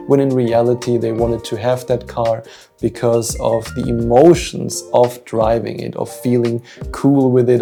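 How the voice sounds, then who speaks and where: A man's voice: mid-range voice, flat delivery, moderate pace, creaky, dark tone, faint music behind. A man with a German accent giving an earnest, motivational self-help talk with a self-mocking streak. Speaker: manifestation coach.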